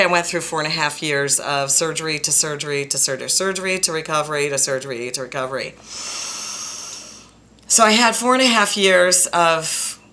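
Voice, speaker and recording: A woman counselor speaks directly to her viewers in a low, forceful voice. She is frank and blunt, and stresses her points by repeating them. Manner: frank and blunt, openly emotional; emphatic, repeats phrases for stress. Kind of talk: direct-to-camera personal talk.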